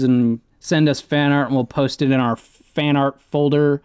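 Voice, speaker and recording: A man's voice: mid-range voice, fairly even intonation, a little slow, darkish tone, clear, resonant tone, dry recording, clean studio sound. A man co-hosting a casual podcast, rambling loosely and cursing freely as he reads out mail and plugs. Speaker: podcast co-host. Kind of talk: casual swearing podcast chat.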